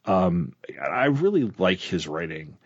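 A man's voice: sits low, very animated, slow, breathy edge, no echo, dull audio. A man co-hosting a podcast, chatting casually about books with many fillers and restarts. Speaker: podcast co-host. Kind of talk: casual book-club chat.

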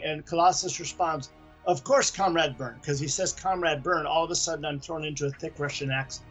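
Chatty podcaster with a raised voice. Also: male voice, fairly high pitch, steady tone, fairly quick, fairly bright tone, soft background music. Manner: chatty, rambling with restarts. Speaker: podcast co-host. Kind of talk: casual chat about comics.

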